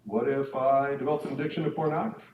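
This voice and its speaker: A man's voice: mid-range voice, fairly even intonation, very fast, lo-fi sound, a little hiss or hum. A man giving a conversational faith talk to couples at a parish marriage evening. He speaks informally and keeps checking in with his listeners through tag questions. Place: church hall or meeting room. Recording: echoey room, mic at a distance.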